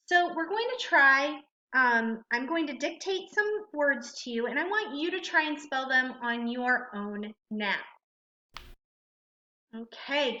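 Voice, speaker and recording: A female teacher with a bright, high voice leads a spelling lesson, slowly and deliberately sounding out each word syllable by syllable. The audio is dull and lo-fi, with a roomy, echoey quality.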